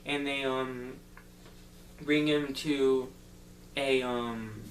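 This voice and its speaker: A man loosely retelling a movie plot, wandering through the story with constant "like" and "um". He talks at an unhurried pace, sitting back from the mic. The room is echoey, and a faint hum sits behind him. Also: mid-range voice, steady tone. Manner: rambling, loose retelling full of "like" and "um". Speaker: movie reviewer. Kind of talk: casual spoken movie recap. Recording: roomy echo, distant mic, faint hum.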